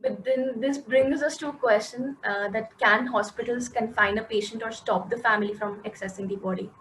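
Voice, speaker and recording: A woman's voice: a little high, fairly even intonation, normal speed, fairly bright tone, slight background noise, poor audio. Woman posing questions on a video call. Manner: inquisitive, polite questioning. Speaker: host. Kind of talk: moderating a live online Q&A.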